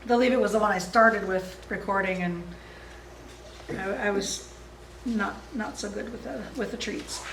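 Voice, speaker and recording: Her voice is mid-range and gravelly, moving at a moderate pace, as this dog trainer walks a seminar through exercises with easygoing friendliness and frequent chuckles. Background noise and a roomy, distant mic color the recording.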